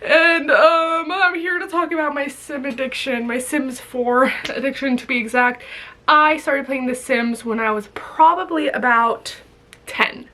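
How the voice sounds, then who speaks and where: A woman's voice: high-pitched, fairly even intonation, a little slow, bright, forceful tone. A young woman vlogging in a rambling, giggly casual chat, full of fillers.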